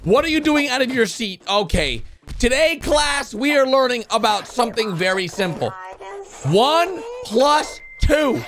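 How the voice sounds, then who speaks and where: A man's voice: very high-pitched, big pitch swings, a little slow, creaky, a bit bright, heavily acted. A man voicing a stern female classroom teacher who scolds and quizzes her pupils. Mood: bossy. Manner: bossy, scolding. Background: background music.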